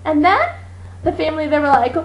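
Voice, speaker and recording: A woman's voice: high voice, a little fast, very noisy. A young woman co-hosting a homemade video, jumping in with jokes as she improvises a story. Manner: animated, joking, chiming in. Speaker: video co-host.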